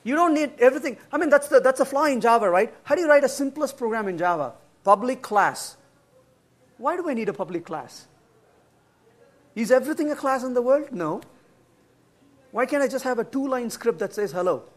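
Casting: middle-aged man, very high voice, animated blunt conference lecturer. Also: a little fast, pauses often. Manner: animated, emphatic, answers bluntly with humor; acts out quoted dialogue in changed voices. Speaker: conference speaker. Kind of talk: workshop lecture with audience questions. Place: conference room.

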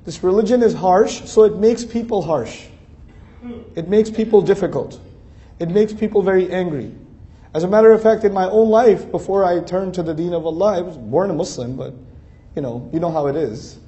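A man with a high-sitting, mellow voice gives an Islamic talk at a moderate pace. His conversational religious lecture is earnest, building each point through emphatic, repeated lists.

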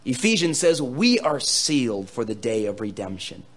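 A man preaching a sermon, reading scripture dramatically and swinging between loud bursts and quieter asides to his listeners. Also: medium pitch, big pitch swings, normal speed. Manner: playful asides to the audience. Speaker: pastor.

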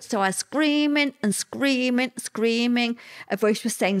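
An older woman, a guest recalling hard times in a halting, emotional way with many fillers. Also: fairly high pitch. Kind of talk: personal interview recollection.

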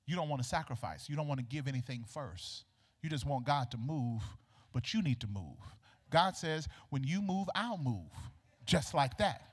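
A man preaching a sermon in a church, animated and colloquial, acting out the dialogue of the people in his story. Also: mid-range voice, normal speed. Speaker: pastor. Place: church sanctuary. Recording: long reverb of a large hall.

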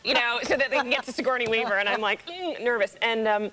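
A woman's voice: on the high side, quick pace, sharp tone, a little hiss or hum, low-quality recording. A woman in her thirties from Canada, a talk show guest who giggles and acts out quoted lines as she tells her stories. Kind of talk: casual talk show chat.

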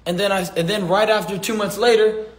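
A man's voice: sits high, fairly even intonation, a little fast, roomy sound. A young man in his twenties answering questions in a rambling, earnest and emotional way. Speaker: interviewee. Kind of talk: casual press talk.

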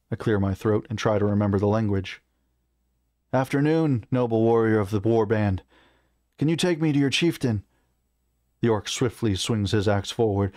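A man with a fairly low voice reads a first-person fantasy story aloud at a measured, even pace. The sound is dry and close, with no room around it. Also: no echo. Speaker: reader. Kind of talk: first-person fiction reading.

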